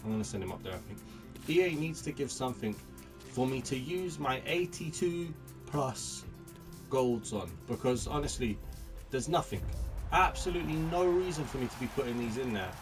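A man commentating his own video game pack openings, chatty and excitable, greeting each new card like a friend. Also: medium pitch, moderate pace, distant mic, music in the background. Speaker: gaming YouTuber.

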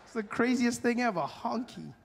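A man performs stand-up, riffing playfully with the crowd. His voice sits high. The clip has a clear hiss of noise. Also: lively intonation, moderate pace. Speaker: stand-up comedian. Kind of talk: stand-up comedy.

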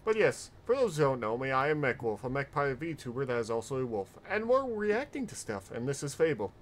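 A man's voice: mid-range voice, very animated, brisk. A young male streamer hosting a casual reaction stream, chatting and firing off short reactions. His voice sits mid-range over a faint hum. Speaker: VTuber streamer host.

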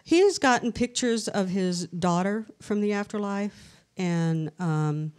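A woman guest on a live podcast, telling stories in a chatty, animated way and acting out the voices she quotes. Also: mid-range voice, takes it slowly, clear, resonant tone. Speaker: interview guest, researcher. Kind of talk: casual storytelling interview. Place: live event in a castle venue.

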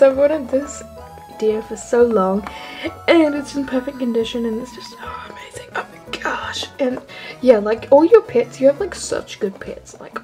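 A woman's voice: high voice, dark tone, low-quality recording. A teenage girl vlogger gushing and rambling as she unboxes toy figures from a trade package. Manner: gushing, rambling, lots of "like" and "oh my gosh". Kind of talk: excited unboxing haul.

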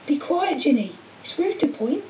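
A woman voicing a warm, motherly witch in a storybook reading, in an echoey room. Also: sits high, very animated, normal speed, voice pushed up. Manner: gentle, motherly. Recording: echoey room, far mic, faint hiss.

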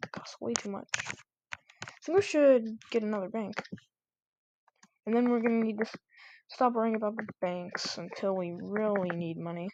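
A woman with a fairly high voice talks through her gameplay in a casual, chatty way. She turns excitable and repeats herself when the game gets tense. Faint mouse clicks and keyboard taps sit in the background. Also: a little hiss or hum. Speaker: gameplay commentator.

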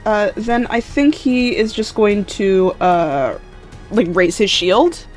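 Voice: mid-range voice, takes it slowly, soft background music. A player in a tabletop game who talks hesitantly, with many ums, thinking aloud about their character's actions. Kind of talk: casual tabletop play.

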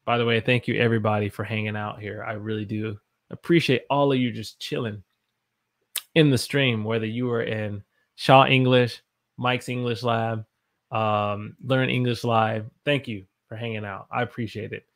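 A man's voice: lowish voice, steady tone, moderate pace. A man from the South, teaching English on a live stream and reading out chat comments in an upbeat, playful way. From Southern United States. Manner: upbeat, reads chat aloud, playful voices.

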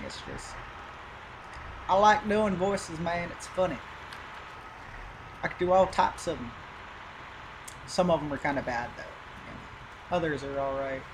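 A man giving casual, rambling gameplay commentary as a gaming YouTuber, easygoing and full of filler. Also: a little high. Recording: loud game engine noise behind. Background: truck engine and game sounds.

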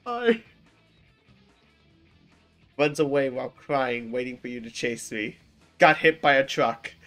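Slow, lively comedic reader doing voices. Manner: acts out both sides with wild pitch jumps. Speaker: comedic narrator. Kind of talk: comedic reading of chat screenshots.

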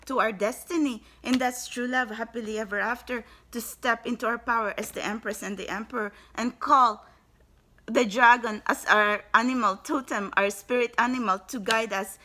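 A woman giving a spiritual tarot reading to her viewers, effusive and exclaiming, often addressing them as guys. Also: normal speed. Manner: gushing, rises into high excited bursts. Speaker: tarot card reader. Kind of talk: spiritual card reading to camera.

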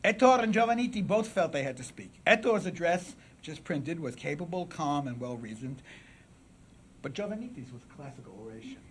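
A man giving a public lecture at a symposium, with dramatic swings from loud declaiming to a near-whisper, and asides to the audience. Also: on the high side, sing-song, brisk, slight background noise. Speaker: symposium speaker.

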